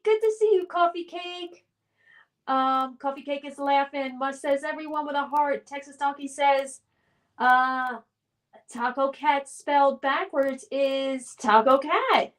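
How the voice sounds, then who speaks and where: A woman's voice: high voice, recorded from a distance. A middle-aged woman hosting a live stream, reading viewer comments aloud in a chatty, upbeat way. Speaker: livestream host reading chat. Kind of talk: casual live-stream chat.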